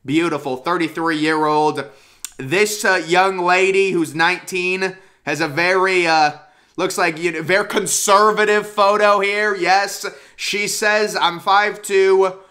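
A young man riffs through screenshots in casual commentary, cracking crude jokes as he reads. His voice sits high and sounds bright and lively. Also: a little slow.

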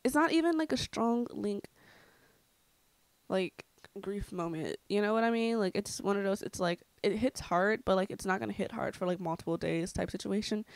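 A woman's voice: medium pitch, moderate pace, no echo. A young woman telling a story to camera in a casual vlog, frank and profane, with lots of filler "like". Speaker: vlogger.

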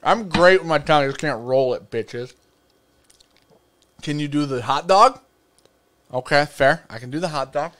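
A man's voice: fairly high pitch, moderate pace, long pauses, fairly bright tone. A man co-hosting a live whiskey stream, joking and cursing in casual banter. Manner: joking, profane, teasing. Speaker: podcast co-host.

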